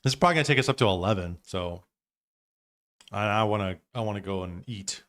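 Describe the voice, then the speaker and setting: A man's voice: on the low side, fast talker, fairly bright tone. A man hosting a live stream, giving loose, profane reaction commentary with frequent laughs.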